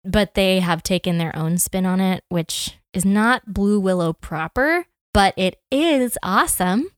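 A young woman talking casually on a podcast, bubbly and playful as she chats. Her voice sits at an ordinary middle pitch. The sound is dry and close, with no room around it. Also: animated, a little slow, dry recording. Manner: enthusiastic, playful. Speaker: podcast co-host. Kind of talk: casual chat.

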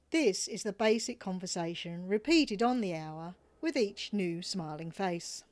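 A woman with an Australian accent, a podcast host reading a story aloud in a relaxed, wry manner. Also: fairly low pitch, measured pace, few pauses.

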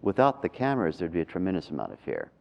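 A man with a very deep voice and a gravelly, fry-laden edge tells a story calmly and reflectively. He speaks as a meditation teacher, measured and unhurried in manner. The recording sounds dull and lo-fi. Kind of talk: storytelling in a talk.

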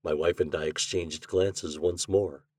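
A man narrating a classic short story as podcast host, measured and even in his storytelling. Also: deep voice, breathy edge, no echo, clean studio sound.

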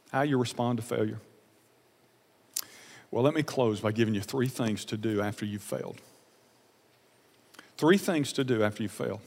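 A pastor delivers a sermon in an earnest, emotional medium-pitched voice, repeating phrases and swinging between loud emphasis and soft confession, with a long reverb tail trailing his words.

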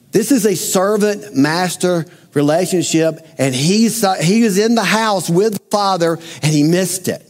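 A male pastor with a fairly high voice delivers a sermon in a church. He talks conversationally and keeps turning to his listeners with direct questions. Long reverb trails his words through the hall. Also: expressive, a little slow, few pauses. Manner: conversational, asks the congregation questions.

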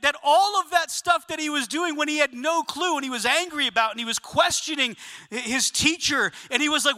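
A man preaching a sermon to his congregation, telling a story with lively asides and questions to the listeners. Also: very high voice, a little fast. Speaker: pastor. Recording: long reverb of a large hall.

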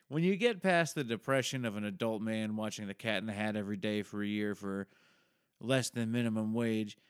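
A man's voice: lowish voice, moderate pace, smooth, no room sound, clean studio sound. A man hosting a podcast, giving a rambling, self-mocking spoken intro with plenty of swearing. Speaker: podcast host. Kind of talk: casual podcast intro monologue.

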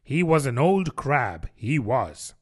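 A man's voice: mid-range voice, very animated, slow, husky, heavily acted. A man voicing an impatient, scornful male griffin in a storybook reading, speaking brusquely. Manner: brusque, scolding.

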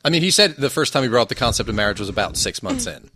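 A man's voice: medium pitch, sing-song, rapid-fire, pushed and bright, a little hiss or hum. Curious man hosting a chat podcast. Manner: curious, teasing interviewer. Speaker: podcast host. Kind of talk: casual chat.

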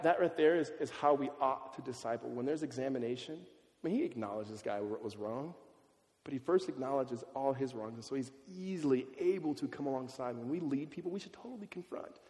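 A man's voice: mid-range voice, a little mellow, big-room sound. A man preaching a sermon in a loose, conversational way, often asking "right?" and repeating words as he goes. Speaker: pastor.

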